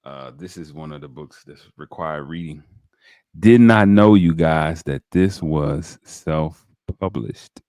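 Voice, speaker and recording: Deep voiced guy hosting a podcast, all fired up, talks right to the viewers, dry mic. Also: slow pace, hardly any pauses, dry recording. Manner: animated, preacher-like, addresses viewers directly. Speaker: podcast host. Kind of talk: enthusiastic interview talk.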